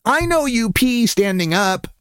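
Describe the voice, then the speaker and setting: A man's voice: extremely high pitch, sing-song, a little slow, fairly bright tone, smooth, dry recording, studio quality, voice pushed up, exaggerated voice. A man voicing a bold, curious little girl of about six who asks blunt questions.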